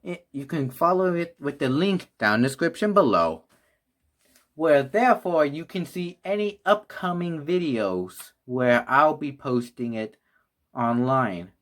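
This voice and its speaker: A man's voice: on the high side, expressive, unhurried, fairly bright tone. A man reviewing toys in a casual vlog, rambling and restarting as he talks, out of breath and sighing. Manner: rambling, restarts often, sighs. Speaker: toy reviewer.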